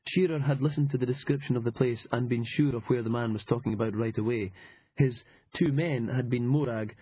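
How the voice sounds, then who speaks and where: Brief: husky male narrator, dry sardonic read, slightly dull studio sound. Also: mid-range voice, fairly quick. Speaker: audiobook narrator. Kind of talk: scripted narration.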